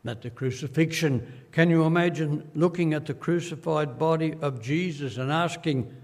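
An older man with an Australian accent preaching a sermon as pastor, slow and earnest, acting out quoted voices as he tells stories. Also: fairly high pitch, big-room sound.

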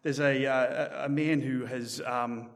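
A man preaching a sermon in a church in a conversational, animated way, often restarting his sentences. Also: mid-range voice, unhurried, big-room sound. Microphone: microphone.

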